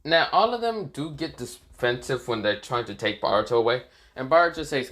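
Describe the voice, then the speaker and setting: A man's voice: mid-range voice, lively intonation, brisk, a bit bright. A man casually narrating an improvised fan story, rambling with fillers and self-corrections.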